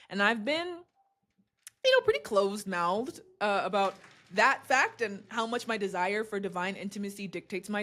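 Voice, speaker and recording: A young woman, a podcaster and video host, giving a casual motivational talk to camera, animated and laughing often, with big swoops in pitch.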